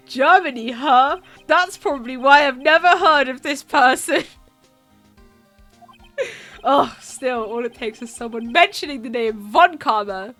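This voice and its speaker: With faint music behind her, a woman from the United Kingdom streams a game, reading its dialogue aloud and giving characters voices. Her voice sits high at a measured pace with long pauses, and she's excitable, laughing a lot.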